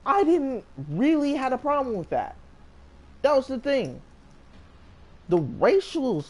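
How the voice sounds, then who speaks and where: A man's voice: very high-pitched, a little mellow. A man telling a story in a casual storytime monologue. He rambles with energy and keeps restarting his sentences. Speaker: storyteller vlogger.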